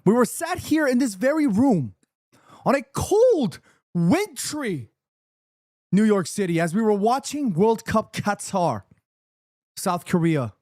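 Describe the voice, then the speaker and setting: A fairly high-voiced man streams a football watchalong from his room in New York City, excitedly chatting with viewers but taking it slowly, with long pauses. Nervousness makes him emphatic and repetitive. The sound is dry and close, free of room echo.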